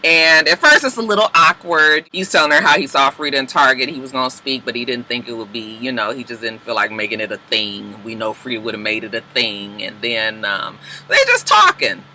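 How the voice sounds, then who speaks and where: A man giving a casual, profane TV episode recap, acting out the characters' lines in quick asides. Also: mid-range voice, pushed and bright, a little hiss or hum. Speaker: TV recap reviewer.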